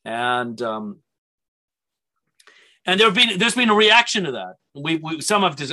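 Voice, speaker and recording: Bright-voiced man teaching a Bible seminar. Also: mid-range voice, expressive, measured pace, long pauses. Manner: conversational, with frequent restarts and asides.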